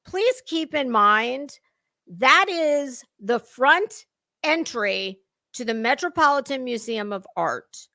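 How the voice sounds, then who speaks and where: A middle-aged woman talks through a fashion event in a loose, rambling live-stream manner, joking at her own expense. Her voice sits a little high and sounds bright and crisp. She speaks slowly, and the recording is close and dry. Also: no room sound. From United States. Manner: chatty, rambling, self-deprecating. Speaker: fashion commentary host. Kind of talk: casual live-stream chat.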